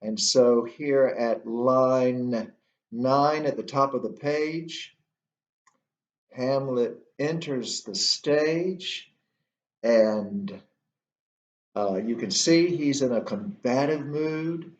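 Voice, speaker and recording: A man teaching a literature lesson, explaining slowly and deliberately with frequent filler sounds, in a roomy, muffled recording. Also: mid-range voice. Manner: slow, deliberate explaining with many uhs. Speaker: literature instructor.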